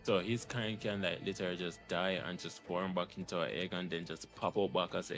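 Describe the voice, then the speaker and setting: A young male streamer talks over a game in a fairly low voice, loose and heavily profane. He often laughs through his words as he reacts. He speaks into a desk mic. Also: fairly even intonation, moderate pace, hardly any pauses, soft background music. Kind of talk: casual game reaction commentary. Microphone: desk microphone.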